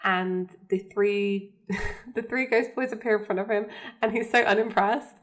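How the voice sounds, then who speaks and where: A woman's voice: medium pitch, fairly even intonation, a little slow. A young woman co-hosting a podcast, chatting casually and recapping scenes with frequent laughs. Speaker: podcast co-host. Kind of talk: casual chat.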